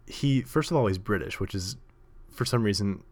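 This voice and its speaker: A man's voice: on the low side, moderate pace, a little mellow. A man hosting a show, telling a story in a rambling, casual monologue full of fillers and self-corrections. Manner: rambling, lots of likes and self-corrections, laughs often. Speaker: podcast host.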